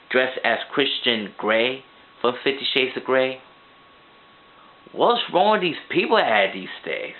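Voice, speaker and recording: A man ranting through a movie review in an excitable, rambling way, now and then shouting. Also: on the high side. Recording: tinny phone-like sound.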